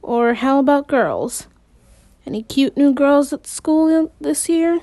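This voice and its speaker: A woman voicing an impatient, gruff middle-aged father in a read-aloud storybook. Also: high-pitched, slow, warm tone, no echo. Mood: awkwardly concerned. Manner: snapping, impatient.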